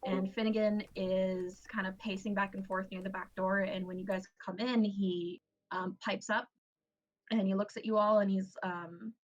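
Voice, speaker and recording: A woman's voice: medium pitch, level tone, moderate pace, highs cut off. A tired woman narrating as game master, casual and swearing, often laughing and tripping over her words.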